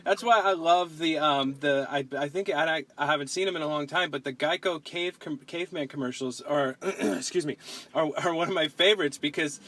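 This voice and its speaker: A man's voice: a little high, normal speed, fairly bright tone, rough recording. A man hosting a casual podcast chat, rambling with frequent restarts and pushing back on his guest. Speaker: podcast host.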